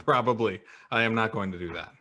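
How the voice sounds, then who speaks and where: A man co-hosting a casual podcast happy hour, reading out viewer comments in a relaxed, halting way with plenty of fillers. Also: on the low side, a little hiss or hum. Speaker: podcast co-host. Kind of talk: casual live-stream chat.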